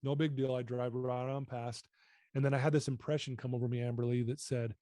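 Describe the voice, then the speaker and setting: A man's voice: mid-range voice, level tone, brisk, dark tone, no echo. A man in his fifties telling his personal story as a podcast guest, earnest and emotional.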